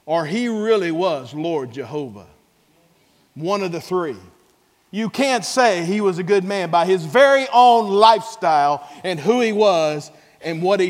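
A man preaching to his congregation in a notably high voice. He drops to soft asides, then climbs into shouted exclamations and calls for responses. The sound rings with a long reverb. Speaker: pastor. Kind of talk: sermon.

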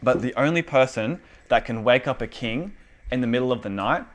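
A young man preaching a casual, conversational sermon with an animated delivery and lots of fillers. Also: mid-range voice, fairly quick.

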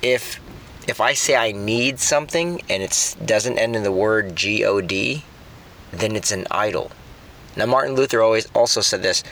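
A man's voice: on the low side, normal speed, a bit bright. A middle-aged man preaching a sermon in a conversational way, often repeating words while he thinks. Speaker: pastor.

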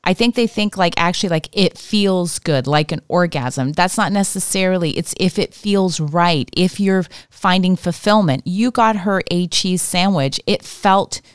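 A woman's voice: fairly low pitch, measured pace, few pauses, clear, resonant tone, no echo, clean studio sound. A woman hosting an interview, who responds enthusiastically and with affirmation and then reflects on what she hears. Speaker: podcast host. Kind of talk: interview conversation.

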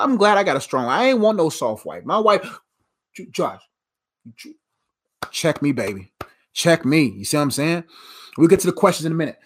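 A man preaching a casual, slangy sermon, swinging between emphatic bursts and hushed asides. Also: fairly high pitch, husky. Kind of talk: sermon with live Q and A.

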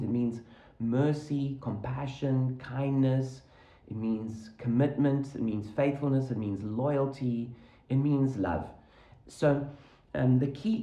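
A man's voice: medium pitch, dark tone, reverberant, poor audio. A man from Africa preaching a sermon, earnestly explaining scripture and Hebrew words.

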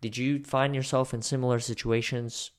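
A man hosting an interview, reflective and measured, asking long, thoughtful questions. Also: mid-range voice, flat delivery, clear, resonant tone. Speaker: podcast host.

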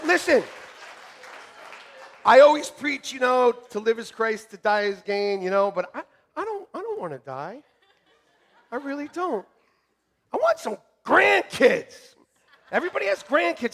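A middle-aged man preaches in a church with a high, lively voice that climbs and dips all over. He is jokey and animated, bursting into shouts and then dropping to a hush. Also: measured pace, long pauses, some chatter behind. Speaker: pastor. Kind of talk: sermon. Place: church sanctuary.

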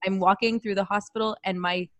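A woman's voice: medium pitch, fairly quick, no room sound. Woman in her 30s rambling thru a story, lots of um and like, laughs a lot. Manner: animated, laughing, self-deprecating, lots of fillers. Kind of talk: casual storytelling chat.

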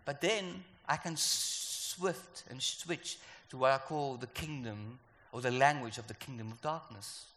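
A South African man preaching a sermon in an animated, playful way, acting out voices. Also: medium pitch, unhurried, hardly any pauses. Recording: echoey hall.

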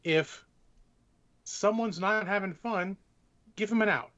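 A man with a somewhat high voice co-hosts a casual podcast and gives swearing advice about keeping games fun. His tone is forceful and bright. The recording sounds dull and lo-fi. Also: takes it slowly. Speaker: podcast co-host. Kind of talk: casual chat.

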